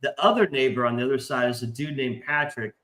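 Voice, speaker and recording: Talking fast in a medium-pitched voice, a man rambles through profane stories in casual chat, animatedly acting out the voices of people he quotes. He's on a remote stream call mic, and the room sounds echoey.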